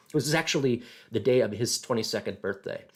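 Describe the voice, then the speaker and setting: A man presenting a casual history talk, halting and thinking aloud with many fillers. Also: mid-range voice.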